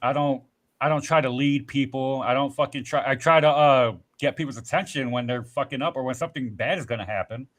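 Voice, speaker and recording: A man's voice: medium pitch, fairly quick, fairly bright tone. A man in casual podcast chat, telling rambling, profanity-laced stories with acted-out quotes. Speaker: podcast host.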